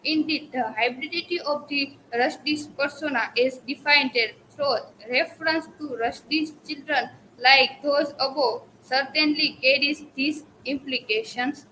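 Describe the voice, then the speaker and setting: High bright-voiced young Indian woman presenting. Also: unhurried, few pauses, slight background noise, poor audio. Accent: Indian English. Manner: hesitant, frequent restarts and fillers. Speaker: student presenter. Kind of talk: classroom presentation.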